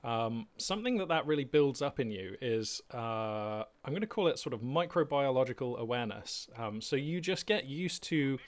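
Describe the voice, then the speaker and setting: A man's voice: medium pitch, expressive, moderate pace, few pauses. A man chats to his channel from a small hobby room at home, recorded on a simple webcam setup. His voice sits in a mid register, and he talks in a loose, unscripted way, wandering through thoughts with plenty of ums, uhs and false starts. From England. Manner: rambling, many fillers and restarts, chatty. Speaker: gaming channel host. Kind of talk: casual unscripted monologue.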